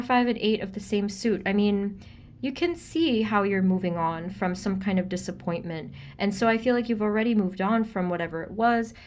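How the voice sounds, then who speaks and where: A woman doing a pick-a-card tarot reading for viewers, gentle and reassuring, chatty, with frequent ums and an easy laugh. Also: medium pitch. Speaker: tarot reader.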